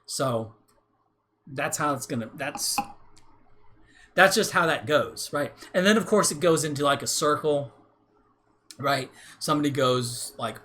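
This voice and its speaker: Bright-toned man rambling on a livestream. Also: fairly high pitch, moderate pace, pauses often, slight background noise. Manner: rambling, many restarts and "right?" tags. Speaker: streamer. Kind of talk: casual livestream monologue reading chat.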